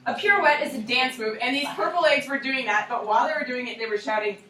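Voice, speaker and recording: A young woman teacher telling a playful, animated story to a class of children, recorded from far away in an echoey classroom. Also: high voice, fast. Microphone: distant recorder.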